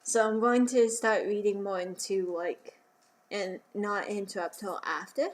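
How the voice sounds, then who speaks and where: A woman's voice: mid-range voice, steady tone, measured pace. A young woman hosting a podcast, chatting casually about comics in a rambling way with fillers. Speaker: podcast host. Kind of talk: casual comic book commentary.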